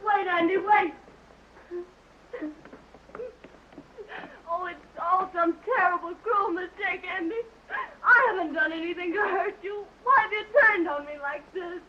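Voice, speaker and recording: An actress playing a passionate, headstrong young heiress in a 1929 talkie, with a theatrical, emotional delivery. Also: female voice, very high voice, animated, normal speed, a crowd in the background. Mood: pleading. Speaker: film actress. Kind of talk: 1929 early talkie acting. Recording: muffled early sound film, faint score.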